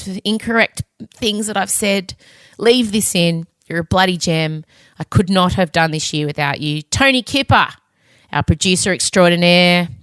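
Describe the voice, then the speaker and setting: A woman's voice: lowish voice, fairly bright tone, no room sound. A woman podcast host in a casual sign-off chat, heartfelt and effusive. She rambles a little and pokes fun at herself. The recording is dry and close, with no room sound. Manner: effusive and heartfelt, rambling with self-aware asides.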